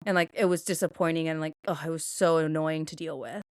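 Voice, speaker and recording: A woman's voice: deep voice, steady tone, fast, a little mellow, clean tone, no room sound, clean studio sound. A woman co-hosting a podcast, chatting casually about a book and retelling scenes with lots of filler words. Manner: chatty, retells scenes with many likes and restarts. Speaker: podcast co-host.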